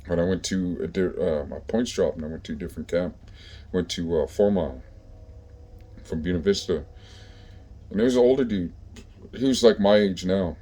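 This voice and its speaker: A man's voice: low-pitched, normal speed, long pauses, mellow. A man casually telling stories from his own past in profane, laid-back street talk full of fillers. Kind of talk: casual storytelling.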